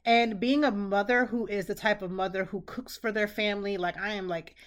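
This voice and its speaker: This Pennsylvania podcast host, a middle-aged woman, talks fairly quickly in a steady, mid-range voice. Her advice is casual but earnest, and she repeats phrases to drive points home.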